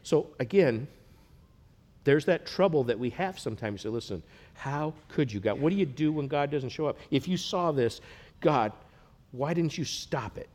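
A man's voice: on the high side, lively intonation, moderate pace. Earnest male pastor preaching. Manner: earnest, swells loud then drops to a hush. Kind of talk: sermon.

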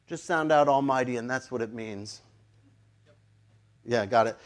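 Pastor, male, higher voice, lively humorous sermon delivery with playful shouts. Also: moderate pace, long pauses. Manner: animated, jokey, bursts into playful shouts.

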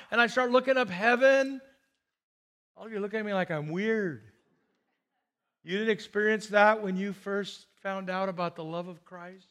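Brief: male pastor, middle-aged, high-pitched, lively storyteller in a sermon. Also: normal speed. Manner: animated storyteller, acts out quotes with big swings.

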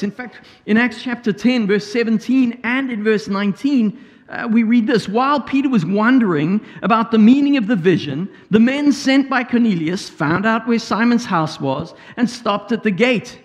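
A man's voice: extremely high pitch, normal speed. A man, a pastor, preaching a sermon and retelling a story with asides and paraphrased quotes. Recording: hall reverb.

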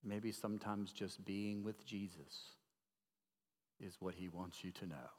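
A male pastor preaching a sermon, emphatic, swinging from loud declarations to hushed tones and putting questions to the congregation. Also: deep voice, fairly even intonation, a little slow. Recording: long reverb of a large hall.

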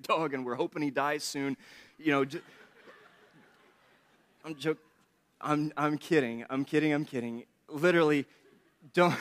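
A man's voice: on the high side, fairly bright tone. A man preaching a sermon in a chatty, joking way, laughing often between points. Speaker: pastor. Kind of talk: conversational sermon with humor.

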